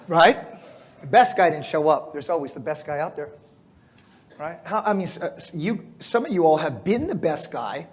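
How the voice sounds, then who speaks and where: A middle-aged American man with a high voice tells stories to a live crowd. He laughs often and talks in animated bursts full of fillers and restarts. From United States. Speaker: speaker at a fitness symposium. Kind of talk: storytelling talk to a live audience.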